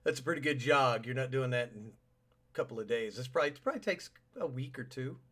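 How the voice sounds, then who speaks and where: A man's voice: mid-range voice, fast talker, a bit bright. Wry, sarcastic male podcast co-host. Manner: wry, sarcastic about government. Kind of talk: casual chat.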